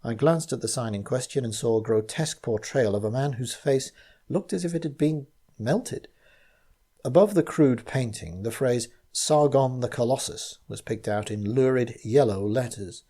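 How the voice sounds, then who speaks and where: A man reading his own gothic mystery story aloud, in measured first-person narration. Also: mid-range voice, dark tone.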